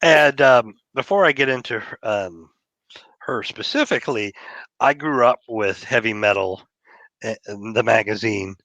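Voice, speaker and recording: A man's voice: medium pitch, a little slow, fairly bright tone, no echo, highs cut off. A man from Texas, a comic creator guest, talking in a laid-back, rambling way with frequent fillers. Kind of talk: casual interview chat.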